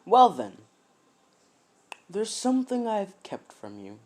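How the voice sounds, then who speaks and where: A man performs a full character voice as a laid-back older ninja mentor, casually retelling a story in an offhand way. The voice is high-pitched, above his natural register, slow, and full of huge pitch swings.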